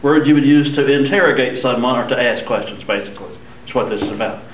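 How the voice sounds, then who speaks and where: A man teaching a Spanish lesson at the board, explaining patiently step by step and slowing down for examples. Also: medium pitch, far from the mic, a little hiss or hum. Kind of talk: classroom lesson at a whiteboard. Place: classroom. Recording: echoey room, voice off-mic.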